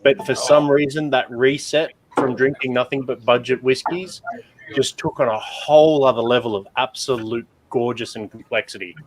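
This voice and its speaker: A man's voice: mid-range voice, fairly even intonation, moderate pace, slight background noise, rough recording. A man chatting casually and enthusiastically, often stumbling over his words as he restarts. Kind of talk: casual chat.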